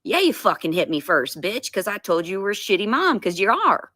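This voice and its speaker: A woman's voice: medium pitch, big pitch swings, a little fast, sharp tone, no room sound, studio quality. A woman doing a cursing, ranting streamer lady. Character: foul-mouthed ranting woman streamer, defensive and petty. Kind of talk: comedic impression.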